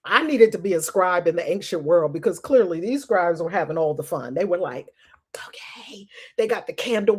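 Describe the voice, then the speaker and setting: A woman's voice: medium pitch, slightly rough. Laughing, incredulous woman host. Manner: laughs often, incredulous and animated. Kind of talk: casual commentary on scripture reading.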